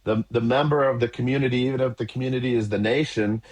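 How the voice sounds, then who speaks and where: A man's voice: medium pitch, steady tone, fast, a little mellow. A man hosting a podcast, thinking aloud and searching for his words. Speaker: podcast host. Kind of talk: casual conversation.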